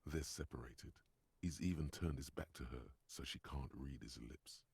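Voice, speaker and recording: A gravelly, grim inner narrator. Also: male voice, a little mellow, no room sound, heavily acted. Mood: ominous. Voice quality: deep and gravelly. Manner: grave, measured. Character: brooding adult male inner-voice narrator. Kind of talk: scripted game narration.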